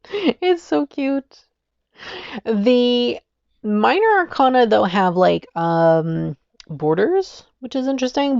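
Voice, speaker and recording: Gushing woman with a gravelly low voice. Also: darkish tone, no room sound. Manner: gushing, enthusiastic, giggly. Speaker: tarot deck reviewer. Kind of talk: casual video review. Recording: dull lo-fi dry recording.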